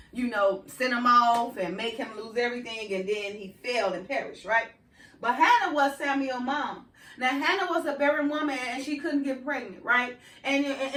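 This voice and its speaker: A woman preaches an informal sermon in a high voice, conversational and full of "right?" and "you know". The room is echoey and she sits some way back from the microphone. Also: fairly bright tone, distant mic.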